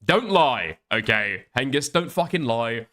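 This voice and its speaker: A man's voice: mid-range voice, big pitch swings, a little slow, vocal fry, sharp tone. An Irish man streaming live while ill with the flu, reading chat and ranting with lots of swearing and laughter. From Ireland. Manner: profane, ranting, laughing often.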